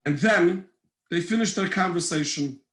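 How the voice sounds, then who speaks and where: A man, a rabbi, telling a faith story in an animated, emotional way and acting out its characters. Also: sits high, moderate pace. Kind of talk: storytelling lesson. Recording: echoey room.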